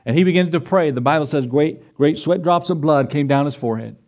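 A middle-aged man preaches a sermon in a fairly high voice. His pitch climbs when he presses a point, and he briefly slips into the voices of biblical figures. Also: fairly quick, darkish tone. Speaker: pastor.

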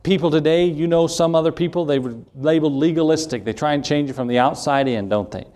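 A man's voice: a little high, fast, darkish tone. A middle-aged man, the pastor, preaching an earnest evening sermon that repeats key lines and quotes Scripture, with homely asides.

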